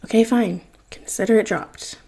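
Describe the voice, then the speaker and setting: A woman's voice: mid-range voice, normal speed, gravelly, warm tone. A woman voicing a prying teenage boy who questions his friend in a dry, insistent way.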